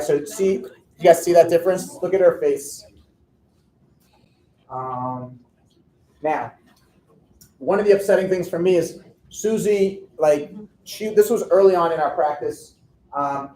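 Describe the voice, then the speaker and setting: A man's voice: on the high side, mellow. A middle-aged man, an orthodontist, giving a humorous storytelling talk to an audience. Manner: humorous, self-deprecating anecdotes. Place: lecture room with an audience. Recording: echoey room.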